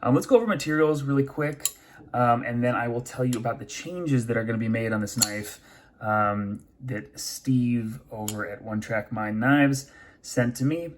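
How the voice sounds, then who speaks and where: A man's voice: medium pitch, moderate pace. A young man hosting a casual product review, chatty and full of fillers, often correcting himself. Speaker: knife reviewer.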